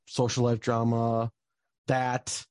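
A man's voice: medium pitch, monotone, slow pace, darkish tone, clean tone, dry recording. Young man, mid-range voice, casual storytelling, rambling with fillers, dry close sound. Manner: rambling, full of "like" and "um" fillers and restarts. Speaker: guest telling a personal story.

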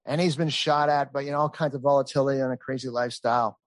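A man in his thirties telling a long family story in casual chat, rambling and animated, with many fillers. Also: mid-range voice, quick pace, no room sound. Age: 30s. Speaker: storyteller guest.

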